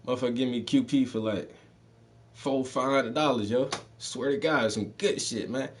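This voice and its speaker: A man's voice: medium pitch, moderate pace. Profane, laid-back storyteller man with a Southern-Northern mix. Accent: mixed Southern and Northern US. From Southern United States. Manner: loose, profane street slang with frequent laughs. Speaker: podcast host telling stories. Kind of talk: casual storytelling.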